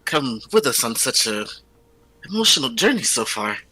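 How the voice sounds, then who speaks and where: A man's voice: mid-range voice, very animated, normal speed, a crowd in the background, low-quality recording. A man playing a tabletop game, talking in a playful way. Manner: playful, laughing. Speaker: player.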